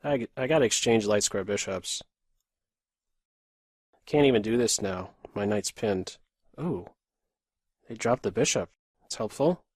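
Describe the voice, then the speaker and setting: Streamer, man in his thirties, from Pennsylvania, USA: slow clipped play-by-play, half to himself, dry close mic. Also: on the low side, a little mellow, breathy edge, dry recording. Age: 30s. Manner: muttering running commentary, terse half-sentences to himself. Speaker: chess streamer. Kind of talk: live commentary while playing bullet chess.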